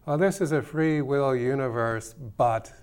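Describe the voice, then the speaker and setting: A man's voice: medium pitch, unhurried, darkish tone, smooth. A man hosting a call-in talk show, rambling and playful, teasing his listeners as he explains his ideas. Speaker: radio show host.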